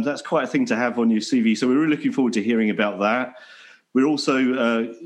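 A man hosting a podcast interview, speaking in a friendly, measured way with some ums and restarts. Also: mid-range voice. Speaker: podcast host.

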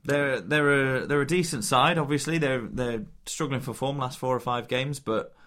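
Male podcast host, relaxed, keeps the chat moving. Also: medium pitch, moderate pace.

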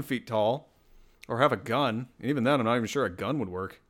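A solo podcast host with a mid-range, slightly bright voice talks a little fast in a casual, rambling, self-deprecating chat.

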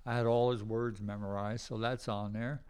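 A man's voice: lowish voice, flat delivery, moderate pace, a little mellow, clear, resonant tone. An older man telling rambling anecdotes as an interview guest, often acting out the voices of people he quotes. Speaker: guest musician. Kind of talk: casual storytelling interview.

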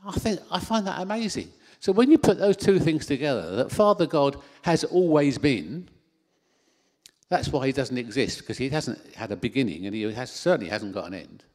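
Animated man preaching a sermon. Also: mid-range voice, normal speed. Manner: animated, rising with emphasis, self-deprecating asides. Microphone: handheld microphone.

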